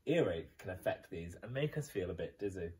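A male teacher voicing a sensible dog doctor who patiently explains and gently scolds, in a storybook reading. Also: low-pitched, expressive, a little fast, distant mic. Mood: explaining.

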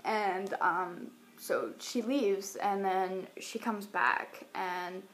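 A young woman recounts a story casually into her phone at home, drifting through fillers and asides. Her voice sits at a middle pitch. There is faint background noise behind her. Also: steady tone, extremely slow, a bit bright. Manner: rambling, full of fillers like "like" and "um", laughs now and then. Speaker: vlogger. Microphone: phone or webcam.

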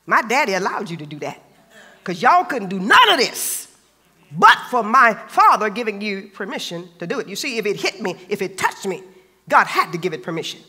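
Animated, piercingly bright preaching man. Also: high voice, brisk, slightly rough, in a large hall. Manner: emphatic, colloquial, repeats phrases for stress. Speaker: pastor. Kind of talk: preaching a sermon.

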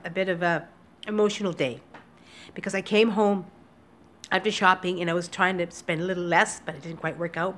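A woman talking to her viewers in a casual daily vlog from home, emotional and teary, speaking haltingly with many restarts into a computer webcam. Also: on the low side, a bit bright. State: upset and teary. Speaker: vlogger. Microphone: computer webcam recording.

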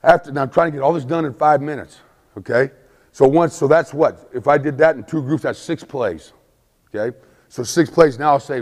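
A man's voice: medium pitch, fast. Emphatic man lecturing coaches in a hall. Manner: emphatic, checks in constantly, acts out shouted play calls. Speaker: football coach presenting a clinic.

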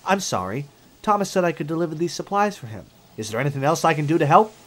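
A man voicing a small, gentle old male tram engine who speaks softly, wistful and apologetic. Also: fairly high pitch, big pitch swings, fast talker, voice pushed up.

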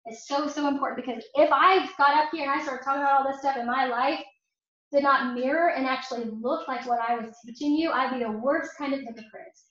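A woman with a high voice gives an earnest faith class, leaning on repetition to drive her points home. She sounds far from the microphone, in a very echoey hall. The sound is dull and muffled. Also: steady tone, fairly quick, fairly bright tone. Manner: earnest, personal storytelling with emphatic repetition. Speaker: catechist. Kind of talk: faith formation class talk. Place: church hall or parish classroom.

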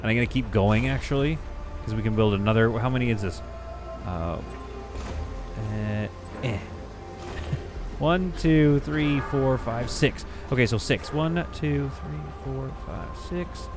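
A man commentating casually on a space building game, thinking aloud and reacting with excited exclamations. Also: medium pitch, unhurried, pauses often, over music. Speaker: gameplay commentator. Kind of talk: casual let's-play commentary.

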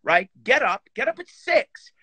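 A man on a video call chatting casually, animated and swearing, with lots of fillers. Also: extremely high pitch, unhurried, husky, no echo. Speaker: guest horn player.

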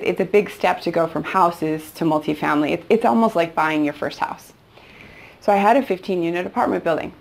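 Middle-aged woman instructor, low gravelly voice, chatty storyteller who quotes dialogue. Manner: retells past conversations, with quoted dialogue. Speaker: real estate investing instructor. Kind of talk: storytelling course lesson.

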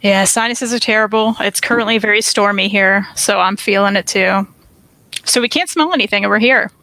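A woman in her thirties co-hosting a casual comic book review show, chatty and quick to laugh. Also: mid-range voice, sharp tone, no room sound, rough recording. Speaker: co-host. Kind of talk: casual chat.

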